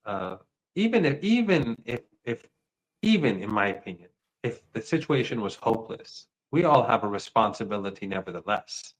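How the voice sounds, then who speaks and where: A man's voice: on the low side, big pitch swings, normal speed, rough recording. A man giving earnest political commentary as a guest on a video call, emphatic and restarting his sentences.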